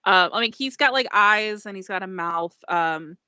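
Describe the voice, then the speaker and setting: A woman's voice: mid-range voice, moderate pace, sharp tone, clear, resonant tone, no room sound. A woman narrating a tabletop game as game master in a chatty, rambling way with many fillers. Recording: dull lo-fi dry sound.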